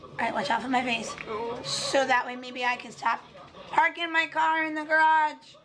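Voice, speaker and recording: A woman with a slightly hoarse voice, chatting casually to a handheld camera in a family vlog. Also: high-pitched, level tone, moderate pace, crowd noise. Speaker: family vlogger.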